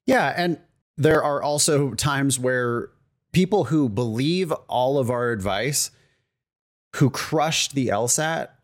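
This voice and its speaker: A man co-hosting a podcast, talking casually and joking with quick asides. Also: medium pitch. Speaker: podcast co-host.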